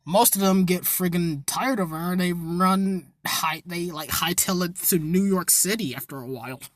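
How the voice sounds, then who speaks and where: A woman's voice: on the low side, moderate pace, no echo, clean studio sound. A woman telling an improvised fan story in a rambling, profane way with joking asides. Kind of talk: improvised casual story narration.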